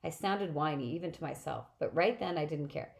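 A woman narrates a novel in the first person, steady and plain in her delivery. Her voice sits low, and small slips stay in the reading. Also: fairly quick, creaky, poor audio. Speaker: audiobook reader.

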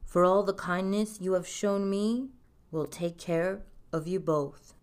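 A woman voicing a generous, kindly king who speaks slowly and stately in a storybook reading. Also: on the low side, darkish tone, smooth.

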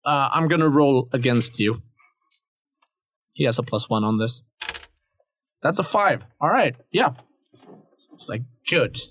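A man narrating as game master, in slow, halting speech with repeated words. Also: medium pitch, expressive, fairly bright tone, a little hiss or hum.

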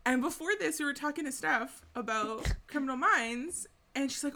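A woman's voice: sits high, big pitch swings, measured pace, fairly bright tone. A woman co-hosting a casual podcast chat, teasing her friend and laughing. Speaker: podcast co-host.

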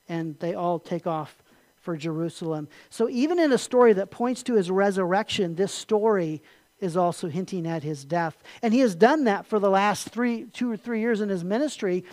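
Pastor giving an animated sermon in a dry, close sound; dramatic drops to a near-hush, then big lifts. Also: medium pitch, normal speed, no room sound. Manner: animated, swinging from hushed to loud; rhetorical questions.

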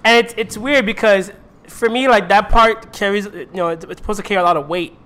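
A man in casual movie chat, relaxed and thoughtful, full of fillers. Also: high voice, a little fast, clean tone.

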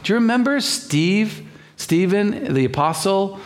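A man's voice: high-pitched, animated, unhurried. A man preaching a sermon as pastor, fervent and repetitive, often restarting his words.

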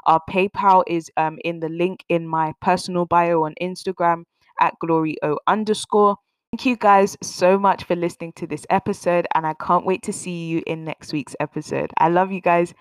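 A young woman hosts a faith podcast in a smooth, resonant voice, earnest and encouraging, often repeating her phrases to drive them home. She speaks at a middle pitch, close to the mic in a dry, dead room. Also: fairly even intonation, normal speed, no room sound. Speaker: podcast host.

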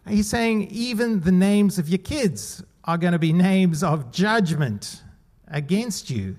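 A pastor preaching a conversational sermon with rhetorical questions and laughter, at times. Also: male voice, high voice, lively intonation, slow pace, darkish tone.

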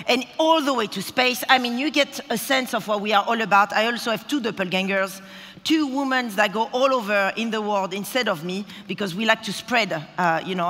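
A woman speaks from a conference stage in a bright, forceful voice. Her delivery is playful and chatty, and she teases the crowd. A long hall reverb trails her words. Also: on the high side. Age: 30s. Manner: playful, chatty, teasing the audience. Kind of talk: live stage talk. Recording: hall reverb from a large venue.

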